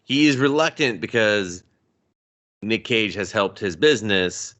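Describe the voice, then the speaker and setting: Brief: low male co-host, forceful tone, profane scene-by-scene recaps. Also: animated, a little slow. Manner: profane, retells scenes with quoted voices. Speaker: podcast co-host. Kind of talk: casual movie review chat.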